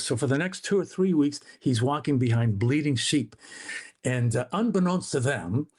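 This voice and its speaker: A man telling his father's story as a guest on a talk radio show, animated, acting out the voices of the people in it. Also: medium pitch, moderate pace, breathy edge.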